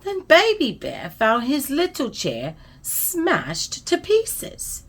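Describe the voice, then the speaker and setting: Slow, expressive woman storyteller. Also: high-pitched. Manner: expressive, soothing, trailing into soft whispers at the close. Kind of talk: bedtime story read-aloud.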